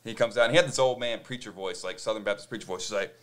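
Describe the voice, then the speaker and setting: A man's voice: on the low side, rapid-fire. A man hosting a podcast, telling a story in casual chat, acting out other people's voices and swearing freely. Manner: animated, acts out quoted voices, swears freely. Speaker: podcast host.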